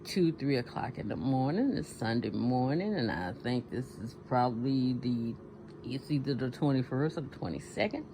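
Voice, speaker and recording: A woman's voice: rumbling low, animated, moderate pace, mellow, a little hiss or hum, poor audio. A tired woman in a personal vlog rant, outspoken, heated and profane, talking in her kitchen late at night. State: tired and sleepy. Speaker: vlogger.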